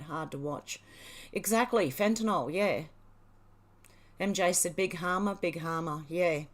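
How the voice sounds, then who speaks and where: Australian woman reading viewer comments aloud. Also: lowish voice. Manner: reads viewer comments aloud and responds, chatty with fillers. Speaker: livestream host. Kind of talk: casual live chat reading.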